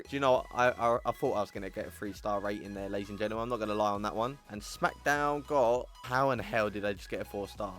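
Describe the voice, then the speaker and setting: A man hosting a gaming channel, chatting through game results in a playful put-on accent and exclaiming at surprises while calling viewers ladies and gentlemen. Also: on the low side, fast, hardly any pauses, soft background music. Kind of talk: casual gameplay commentary.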